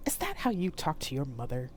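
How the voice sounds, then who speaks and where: A woman's voice: deep voice, wildly swooping pitch, brisk, slight background noise. A woman reading aloud, voicing the clingy, reproachful ghost of a mother in a storybook reading.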